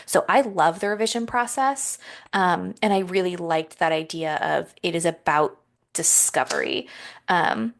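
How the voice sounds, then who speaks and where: Woman cohost gushing about writing panels, kinda low voice, lots of ums. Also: measured pace, vocal fry. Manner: enthusiastic, affirming, many "um"s. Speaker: podcast co-host. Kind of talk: casual chat.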